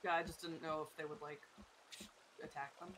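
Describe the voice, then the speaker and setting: A woman co-streaming a game, relaxed and jokey, often saying "like". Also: low voice, a little fast, a little hiss or hum. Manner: relaxed, jokey, says "like" a lot. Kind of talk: casual gameplay chat.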